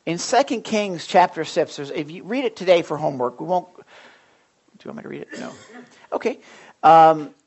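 A pastor preaching a sermon, retelling a Bible story in a rambling, animated way. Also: male voice, on the high side, a little fast, long pauses.

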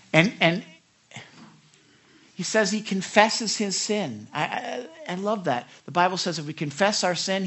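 A middle-aged man preaching a sermon, candid and self-deprecating, swinging between loud emphasis and soft asides. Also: high voice, husky. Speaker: pastor.

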